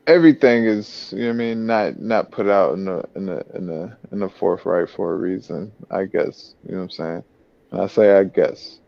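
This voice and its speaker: A man in casual chat, rambling and leaning on "you know what I'm saying" after nearly every phrase, with a gravelly voice. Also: sits low, moderate pace. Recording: dull, lo-fi, dry sound.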